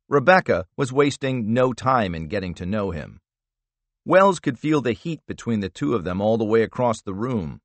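A man with a low voice reads a thriller with lively, rising and falling pitch. His delivery is steady and measured, with a dry, close sound and no room around it. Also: no echo. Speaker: audiobook narrator. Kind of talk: scripted narration.

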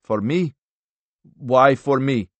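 A man's voice: a little high, expressive, a little slow, no echo, voice pushed up. A frail, agitated old man pleads and protests in a raised, strained voice, as a male narrator puts him on. The recording is dry and close. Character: frail older German man in wheelchair, protesting.

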